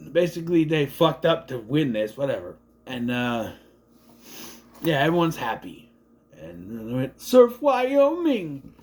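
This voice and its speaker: A young adult man casually recapping and reviewing a movie, rambling and jumping into quick impressions of the characters. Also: a little high.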